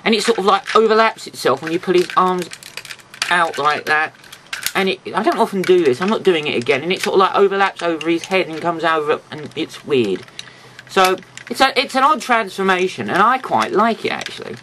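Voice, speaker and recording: Lively chatty man reviewing toys. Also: high voice, brisk, a little hiss or hum. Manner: chatty, rambling, jokey asides. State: slightly nasal from a stuffy nose. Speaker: toy reviewer. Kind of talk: casual toy review.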